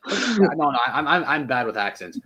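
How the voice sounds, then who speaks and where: A man's voice: mid-range voice, very animated, moderate pace, sharp tone, slightly rough. A young man from California hosting a casual online talk stream, joking and teasing his guests. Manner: joking, self-deprecating, restarts often. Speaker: stream host. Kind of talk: casual chat.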